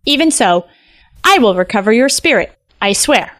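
Woman voicing a young male fox, storybook, eager and earnest, higher pitch. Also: moderate pace. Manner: excited and earnest.

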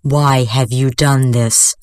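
A woman voicing a stern, shaken old master priest who speaks slowly and harshly. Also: deep voice, lively intonation, no echo. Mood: horrified. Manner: slow, harsh and grave.

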